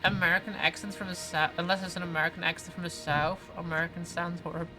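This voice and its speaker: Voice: mid-range voice, level tone, quick pace, poor audio. A streamer chatting casually while playing, reading viewer comments aloud and answering them with many fillers and restarts. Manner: frequent "like" fillers and self-corrections. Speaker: game streamer. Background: game music.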